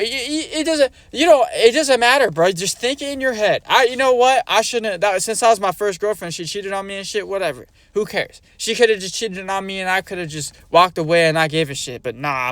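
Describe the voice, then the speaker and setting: A young man tells a personal story straight to the camera, with loose, profanity-laced phrasing and a lot of filler. His voice sits a little high for a man. The sound is dry and close, with no room echo. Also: brisk, few pauses, fairly bright tone. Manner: rambling, profane, fillers like "bro" and "you know what I mean". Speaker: storyteller vlogger. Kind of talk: casual storytelling.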